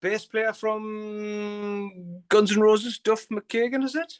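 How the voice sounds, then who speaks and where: A man's voice: sits high, steady tone, takes it slowly, clean tone. A middle-aged man with a Geordie accent, a musician guest rambling through stories with lots of swearing and laughter. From Newcastle, England. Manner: rambling storyteller, heavy swearing, frequent laughter, many restarts. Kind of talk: casual interview chat.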